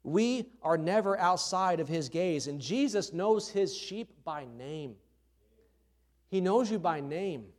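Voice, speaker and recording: A man's voice: high voice, expressive, takes it slowly. A man preaching a sermon from the pulpit in a conversational way, repeating his key phrases. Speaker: pastor. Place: church.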